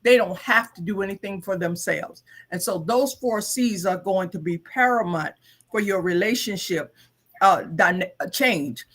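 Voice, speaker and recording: A co-host on an advice show, giving earnest, halting counsel with frequent restarts and fillers. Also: mid-range voice, a bit bright. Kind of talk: counseling talk.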